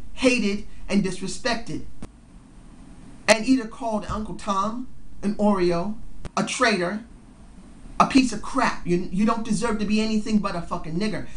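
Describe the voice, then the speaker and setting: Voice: mid-range voice, slight background noise. Emphatic, preachy vlogger in their forties. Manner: emphatic, preachy, swears freely. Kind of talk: impassioned video rant.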